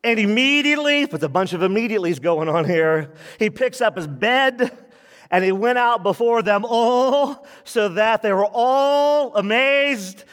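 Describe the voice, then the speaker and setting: A man with a notably high voice preaches to his congregation, pacing his words slowly. He acts out the people in the story and laughs along as he goes. The sermon carries the long reverb of a large sanctuary. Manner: animated, acts out quoted voices, laughs often. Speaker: pastor.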